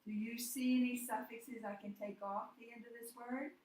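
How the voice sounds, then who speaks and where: A woman teacher giving a phonics lesson at a board, slow and deliberate, asking questions and answering them herself. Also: fairly high pitch, steady tone, darkish tone, roomy sound, a little hiss or hum, rough recording.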